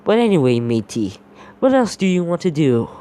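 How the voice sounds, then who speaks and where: A jolly male pirate fox animatronic, put on by a man telling the story, growling pirate talk and stretching out "matey" with a gruff edge. The tone is dark and warm, and the voice jumps between high excited calls and low rumbling asides. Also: normal speed.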